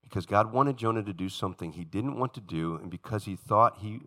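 A man preaching a sermon in church, animated and emphatic, acting out the voices of the story he retells. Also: lowish voice, fairly quick. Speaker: pastor. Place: church sanctuary.

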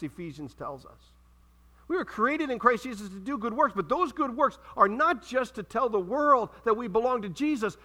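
A man preaching a sermon in a church, reading scripture aloud and calling out questions to the congregation with dramatic pauses. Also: high-pitched, sharp tone. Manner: preaching with dramatic pauses and audience call-outs. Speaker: pastor.

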